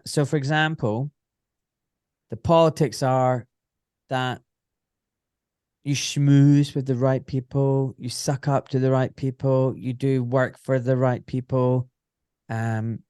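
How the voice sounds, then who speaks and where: A middle-aged man, a surgeon telling candid stories as a podcast guest, blunt and animated, with some swearing. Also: mid-range voice, dry recording, studio quality. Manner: animated, blunt, swears, acts out quoted voices. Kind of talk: candid conversational storytelling.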